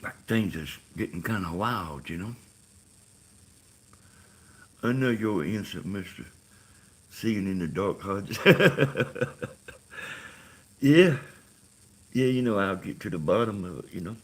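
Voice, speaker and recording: A man's voice: on the low side, expressive, slow, pauses often, slightly rough. A middle-aged man with a Georgia Southern accent talking casually and rambling on a live stream. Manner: meandering, full of "you know" and "like".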